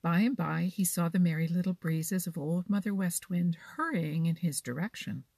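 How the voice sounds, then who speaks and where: A woman reads a children's storybook gently, at a slow pace. Her voice is low, husky and gravelly. The recording is dry and close to the mic. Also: no room sound.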